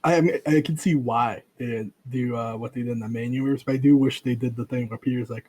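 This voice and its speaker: A young man in a casual podcast chat, relaxed and filling in details with a few restarts. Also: mid-range voice, fast talker, hardly any pauses. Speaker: podcast co-host.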